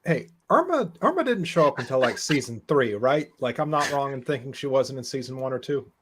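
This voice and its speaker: A man's voice: medium pitch, sing-song, brisk, background noise. A man co-hosting a casual group chat, playful and teasing. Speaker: podcast co-host.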